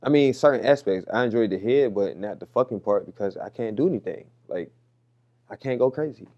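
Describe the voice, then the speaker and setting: A man's voice: on the low side, lively intonation, a little fast, highs cut off. A young man as an interview guest, talking loosely and candidly with lots of slang and swearing. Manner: loose, slangy, profane talk.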